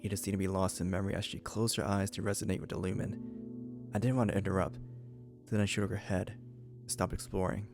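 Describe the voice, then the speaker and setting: A man hosting a let's play, reading the game's narration aloud in an even storytelling way. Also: low voice, fast, creaky, music in the background.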